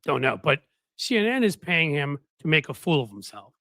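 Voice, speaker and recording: Male commentary host, casual and scornful, bright tone on a dry close mic. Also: on the high side, very animated, normal speed, dry recording. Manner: mocking, quotes others in put-on voices.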